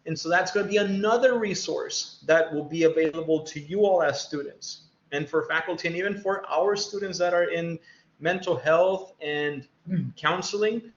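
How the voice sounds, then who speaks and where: A middle-aged man with a high voice talks to students over a video call. He sounds conversational and encouraging and acts out little exchanges between teacher and student. The audio is roomy and echoey, with a muffled, dull tone. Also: moderate pace. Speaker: college faculty member. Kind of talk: virtual panel talk to students.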